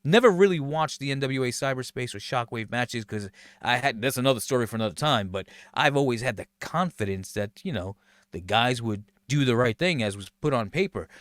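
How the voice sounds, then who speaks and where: A man's voice: mid-range voice, brisk, no echo. Sarcastic, profane man commentating. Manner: animated, sarcastic, swears a lot, acts out quotes. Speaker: show host recounting backstage story. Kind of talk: casual profane commentary over match footage.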